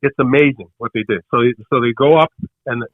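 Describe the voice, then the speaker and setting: Fast-talking older man telling a story. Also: mid-range voice, no room sound, phone-quality sound. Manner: rapid, excited storyteller acting out others' lines. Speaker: father of the hosts, telling a story. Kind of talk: casual storytelling chat.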